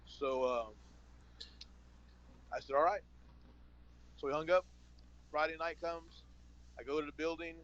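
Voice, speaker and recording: A man's voice: on the high side, unhurried, long pauses, fairly bright tone, dull audio. A man from San Antonio, a former wrestler and podcast guest, telling a story casually and acting out the phone calls in it. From San Antonio, Texas.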